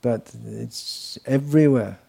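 A man's voice: medium pitch, slow, gravelly, dark tone, slightly rough. A man giving a devotional lecture to an audience, talking loosely with anecdotes and mocking asides. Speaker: spiritual teacher.

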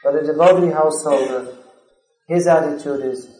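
Earnest, higher-voiced man lecturing in an echoey room. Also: moderate pace, warm tone. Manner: earnest, builds to emphatic stress; recites verses in a chanting cadence. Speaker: spiritual lecturer. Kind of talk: scripture class lecture.

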